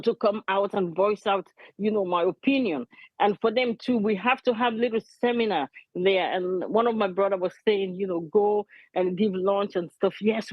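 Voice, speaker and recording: A woman's voice: medium pitch, slightly rough, no room sound, muffled recording. A middle-aged woman, speaking earnestly and emotionally as a community advocate, repeating her key points. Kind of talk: impassioned interview testimony.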